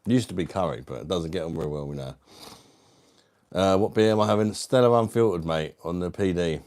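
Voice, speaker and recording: A man from the UK hosts a casual livestream. He chats with viewers and reads their comments aloud. His voice sits fairly low, and his banter is crude and matey. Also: a little fast, a little mellow. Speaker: livestream host. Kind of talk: casual live chat reading viewer comments.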